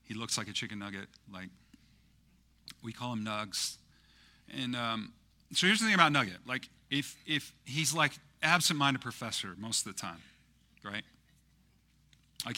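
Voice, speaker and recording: A male pastor preaching a sermon in a casual, conversational way, full of fillers, that swells into loud, impassioned peaks. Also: medium pitch, moderate pace, pauses often.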